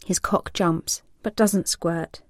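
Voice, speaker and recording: Woman narrator with a low voice for an adult audio story. Slow and sensual, with a dry close sound. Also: fairly even intonation, no echo. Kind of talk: scripted erotic story narration.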